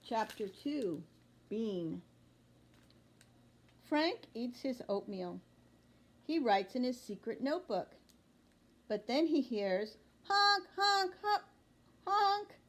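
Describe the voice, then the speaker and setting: Woman teacher reading a kids chapter book out loud, really slow and careful, a bit high. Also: animated. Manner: slow, deliberate storybook reading.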